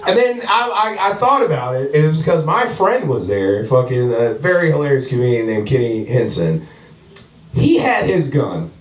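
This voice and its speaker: A man performing profane, animated stand-up storytelling at a house comedy show, acting out the people in his story. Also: medium pitch, moderate pace. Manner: animated, profane, acts out characters. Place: house party comedy show with live audience. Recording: echoey room, distant mic, audience laughter.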